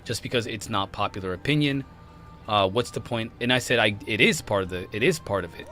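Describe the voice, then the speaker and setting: A man's voice: on the low side, expressive, a little fast, bright, forceful tone. A man hosting a casual podcast, rambling and often restarting his sentences. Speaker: podcast host. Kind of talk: casual conspiracy podcast chat.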